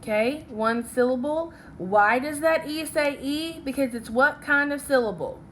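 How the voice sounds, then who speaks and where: A young woman teacher leading a phonics lesson, talking slowly and checking in often with "okay?" as she writes along. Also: high-pitched, a bit bright, a little hiss or hum. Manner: slow, patient, checks in with "okay?".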